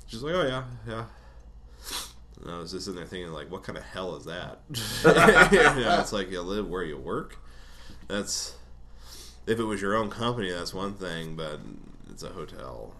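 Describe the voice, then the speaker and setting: A man's voice: low-pitched, big pitch swings, normal speed, very noisy. A man casually telling a rambling personal story, swearing often and laughing between lines.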